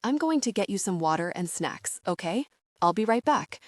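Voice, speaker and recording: Woman voicing a male lover, gentle, commanding, low, soothing, romance audiobook, dry close sound. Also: sing-song, normal speed, dry recording, natural voice. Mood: tender.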